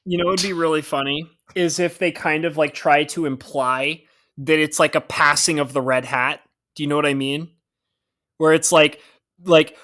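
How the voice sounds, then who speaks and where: A man co-hosting a podcast in casual chat, excitable and rambling, often laughing. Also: a little high, moderate pace. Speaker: podcast co-host.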